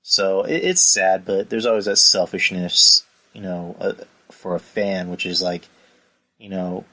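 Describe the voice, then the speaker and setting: Low-pitched guy rambling on his podcast, says "you know" a lot, tense bright tone. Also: measured pace. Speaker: podcast host. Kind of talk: casual chat.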